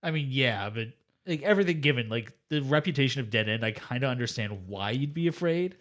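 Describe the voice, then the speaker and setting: A man co-hosting an anime podcast, chiming in with quick comments and corrections. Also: mid-range voice, expressive, a bit bright. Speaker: podcast co-host. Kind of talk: casual chat.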